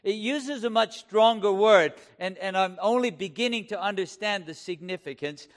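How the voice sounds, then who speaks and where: A man with a notably high voice preaches with fervor. He fires rhetorical questions at his listeners and leans hard on key words, slowing down to stress them. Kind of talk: sermon.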